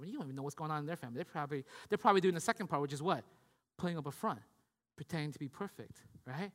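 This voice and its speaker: A man's voice: a little high, very fast, fairly bright tone. A man preaching a sermon in a conversational way. He keeps asking "right?" and acts out the voices of the people he describes. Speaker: pastor. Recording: long hall reverb.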